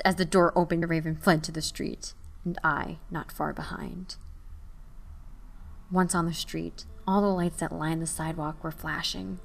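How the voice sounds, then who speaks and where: A young woman narrating a short story in an emotive dramatic reading, moving between hushed and raised passages. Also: fairly low pitch.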